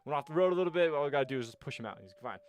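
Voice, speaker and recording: A young man in his twenties, a podcast co-host, telling a story in a casual, animated way with laughs and swearing. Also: on the high side, racing.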